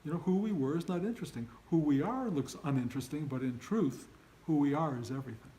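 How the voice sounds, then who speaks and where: A man's voice: fairly high pitch, fast, dark tone, slight background noise, low-quality recording. Earnest older man teaching students. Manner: earnest, emphatic, acts out students' inner voices. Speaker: spiritual teacher. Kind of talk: informal dharma talk to students.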